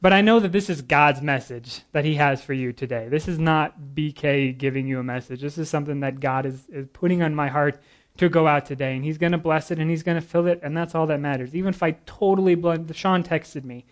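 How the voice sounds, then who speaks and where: A man preaches a sermon, reading scripture and explaining it in earnest. His voice sits a little high for a man. He sounds a bit nervous but lively, and he breaks in with casual jokes between readings. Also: fairly quick. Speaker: guest preacher.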